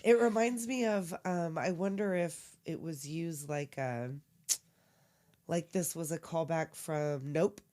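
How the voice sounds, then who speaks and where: A woman's voice: sits low, slow pace, dark tone. A woman co-hosting a podcast, reacting animatedly, chiming in and swearing casually as a film is recapped. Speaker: podcast co-host. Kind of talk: casual movie recap chat.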